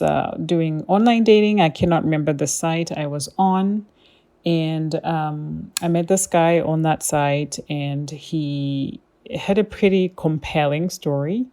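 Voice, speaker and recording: Casual woman podcaster, low and warm, rambling storytelling full of fillers. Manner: chatty, with many fillers and quoted asides. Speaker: podcast host.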